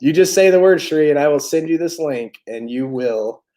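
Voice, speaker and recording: Brief: male livestream host, fairly high voice, jokey and chatty, quick to laugh. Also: expressive, dark tone. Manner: joking, laughs often, greets chat viewers by name. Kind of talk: casual livestream chat.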